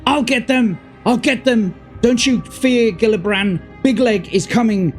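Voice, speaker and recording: A man with a Birmingham accent voicing a wounded, delirious old male dwarf warrior who shouts frantic warnings. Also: a little high, unhurried, vocal fry, soft background music, pitched above the performer's own voice. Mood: frantic shouting.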